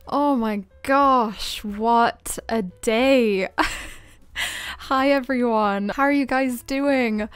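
A woman streaming a life-sim game, gushing and giggling, close to tears with excitement. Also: a little high, extremely slow, smooth, dry recording. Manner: giggly, gushing, laughs often. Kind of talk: excited livestream chat.

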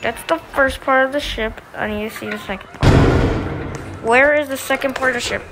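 A woman giving excited, chatty gameplay commentary who repeats herself when things get tense. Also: sits high, moderate pace. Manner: chatty, exclaims and repeats itself under stress. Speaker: gaming video narrator. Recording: loud background noise.

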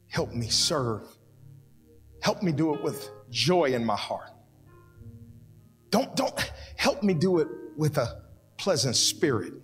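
A man preaching a sermon in a church, with fervent, prayerful repeated pleas. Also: medium pitch. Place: church sanctuary. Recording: long hall reverb with soft music behind.

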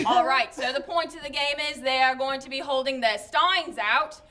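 A woman hosting a playful TV game show, animated and laughing often. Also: high-pitched, moderate pace, few pauses. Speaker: guest game show host.

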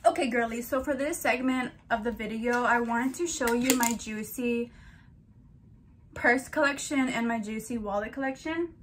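A chatty young woman talks through her hauls and collections with a slightly high, bubbly voice. She gushes over each item and speaks straight to her viewers. A faint hum of room noise sits behind her. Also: normal speed. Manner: chatty, gushing, addresses viewers as girlies. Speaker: vlogger. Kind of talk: casual haul vlog.

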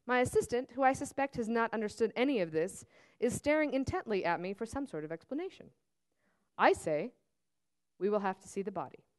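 Smooth-voiced woman reading her novel aloud. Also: a little high. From Serbia. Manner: measured, steady storytelling. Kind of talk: literary reading, first-person narration. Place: museum auditorium.

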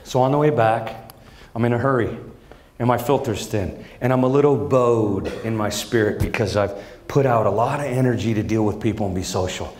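A middle-aged man performing a stand-up comedy set on a large theater stage, telling stories with lively energy and acting out his family's voices. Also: fairly low pitch, moderate pace, slight background noise. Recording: echoey live theater with audience.

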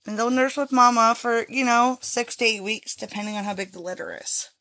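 On a handheld phone at her home with stairs, a chinchilla breeder livestreams and talks casually right to viewers. She sounds a little high and a little fast, bright and forceful.

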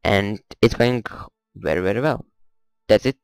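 A man's voice: fairly low pitch, a little slow, creaky, clean tone, no room sound, poor audio. A man casually commenting on a strategy game he is playing, rambling, muttering to himself and swearing at the game now and then. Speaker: gameplay commentator. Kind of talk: casual let's-play commentary.

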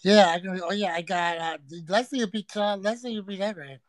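A woman's voice: medium pitch, a little fast. A woman hosting a casual livestream from a friend's home, teasing and swearing through crude, brash banter. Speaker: livestream host.

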